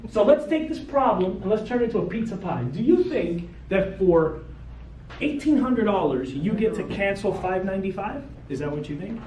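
A male lawyer giving a blunt, animated seminar talk to an audience of realtors, peppered with "okay" and "right". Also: high-pitched, normal speed. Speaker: real estate lawyer. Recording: roomy, distant mic with faint ambient noise.

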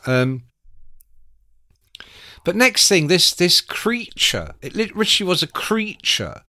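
A man, telling anecdotes as a guest, animated and swearing freely. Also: sits high, slow pace, no echo, clean studio sound. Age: 60s. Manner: animated, acts out quoted voices, swears freely. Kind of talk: casual storytelling.

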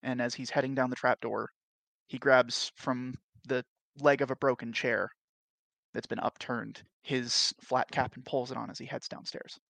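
Player narrating his character, gravelly voice, relaxed and detailed, dry recording. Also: medium pitch, dry recording. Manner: casual, unhurried, detailed. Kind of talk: describing his character's actions in a tabletop game.

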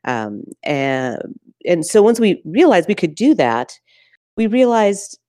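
A woman who works as a festival programmer, answering interview questions thoughtfully and often pausing on "uh" and "um". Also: fairly low pitch, big pitch swings, mellow, dry recording, studio quality. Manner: thoughtful, searching, many "uh" and "um" pauses.

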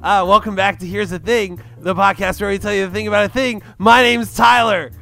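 A man doing an improvised impression of his co-host as a high, cartoonish, clown-like podcast host. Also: steady tone, fairly quick, gravelly, full character voice. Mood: goofy. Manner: loud, cartoonish, over-the-top greeting.

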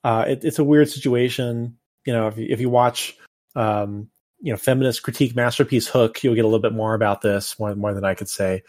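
A man co-hosting a podcast in casual chat, halting and playful, often restarting his sentences. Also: medium pitch, a little mellow. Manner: halting, self-correcting, playful. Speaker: podcast co-host.

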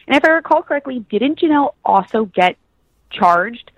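A woman's voice: on the high side, animated, moderate pace, no echo, muffled recording. A woman co-hosting a casual podcast, chatting and adding her own recollections. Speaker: podcast co-host. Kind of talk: casual chat.

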